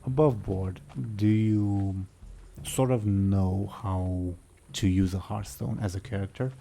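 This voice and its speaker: Slow, gravelly game master. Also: male voice, low voice, steady tone, mellow. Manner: chuckling, trailing off and muttering asides. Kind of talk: running a tabletop game online.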